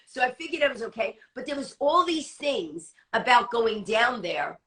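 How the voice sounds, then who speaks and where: Fast-talking woman comic, bright, slightly high voice, acts out her quotes. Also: big pitch swings. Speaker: stand-up comic guest. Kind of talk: animated anecdote telling.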